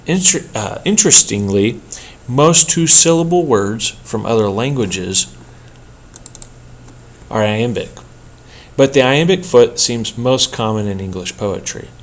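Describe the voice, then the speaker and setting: Man, lowish voice, workshop instructor, measured lecture delivery. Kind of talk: scripted lecture narration.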